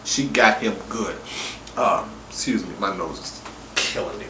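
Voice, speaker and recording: A man casually reviewing a TV episode, excitable and profane with big swings in his voice. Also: fairly low pitch, unhurried, slight background noise. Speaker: TV review vlogger. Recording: roomy room echo.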